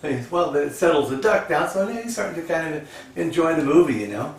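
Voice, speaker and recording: A man's voice: fairly high pitch, expressive, brisk. A man casually telling old jokes in a rambling, folksy way, full of fillers. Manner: rambling, folksy, lots of "you know". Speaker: joke teller. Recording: echoey, distant, faint crowd and noise.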